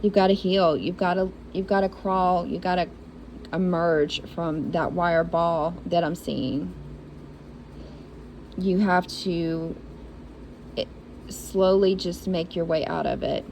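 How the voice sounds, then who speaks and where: A woman doing an intuitive reading for zodiac signs in a slow, unhurried delivery. Her voice sits fairly low and has a gravelly fry to it. She speaks in an encouraging, repetitive and heartfelt way, over a faint hum of noise. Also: steady tone, a little mellow, low-quality recording. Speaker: intuitive reader.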